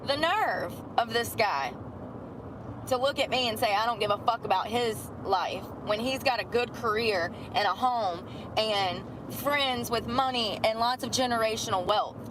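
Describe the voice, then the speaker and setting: A woman's voice: a little high, unhurried, background noise. A middle-aged woman ranting bluntly and profanely about her job. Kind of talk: candid rant.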